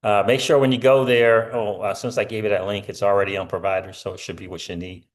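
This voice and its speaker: A man's voice: fairly low pitch, fairly even intonation, fast talker. A middle-aged man hosting a casual crypto livestream, rambling with lots of fillers and answering viewer comments.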